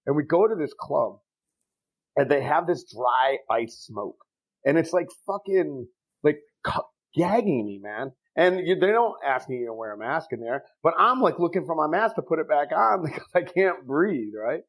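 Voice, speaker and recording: A man in his forties co-hosts a podcast and spins funny stories, swearing freely and joking as he goes. His pitch leaps around, and his voice sits a little high for a man. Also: normal speed, poor audio. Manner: profane, joking, animated storyteller. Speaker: podcast co-host. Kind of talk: casual podcast storytelling.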